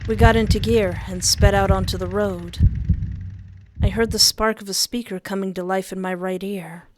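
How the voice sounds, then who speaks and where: A woman reading a story aloud, often breaking off into excited, squealing asides. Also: mid-range voice, moderate pace, no room sound, clean studio sound. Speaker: story reader.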